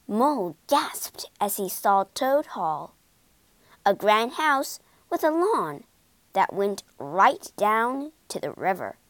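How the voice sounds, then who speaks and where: Woman reading a children's storybook slowly. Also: dry recording. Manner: expressive, unhurried reading with lively pitch. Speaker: storybook narrator.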